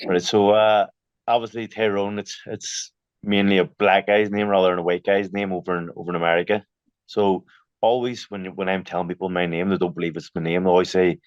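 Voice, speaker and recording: A young boxer in a casual interview, chatty, telling stories with many fillers and restarts. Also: male voice, sits low, little pitch movement, fairly quick, clean tone, no echo, highs cut off.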